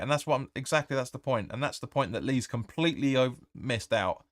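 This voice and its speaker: Man, fan host, live match commentary, blunt and sweary, mid-pitched voice, dry close sound. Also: fairly quick, no echo. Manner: blunt and opinionated, swears, reads viewer comments aloud.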